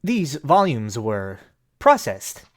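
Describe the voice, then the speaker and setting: A man voicing a calm male magical construct assistant, speaking in formal, clipped, machine-like phrases. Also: mid-range voice, slow.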